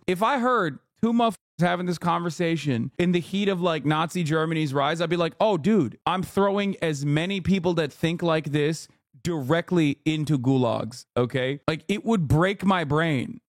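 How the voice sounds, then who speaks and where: A male streamer talks over a clip in a profane, mocking way, slipping into voices to parody people. His voice sits a little high. The sound is dry and close, with no room echo. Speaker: streamer reacting to a video. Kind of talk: reaction commentary.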